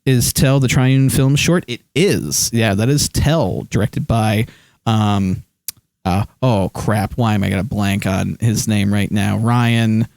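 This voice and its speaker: Slow and lowish, with vocal fry and a darkish tone, this streamer's voice is recorded dry from close to his desk microphone. He talks about his movies in a rambling live chat, full of ums and restarts, reading viewers' messages aloud.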